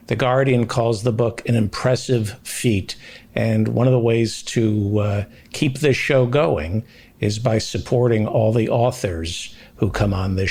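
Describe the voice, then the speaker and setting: A man hosting a comedy talk show, moving from brisk promo patter into playful banter with his guests. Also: medium pitch, a little mellow. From New York City.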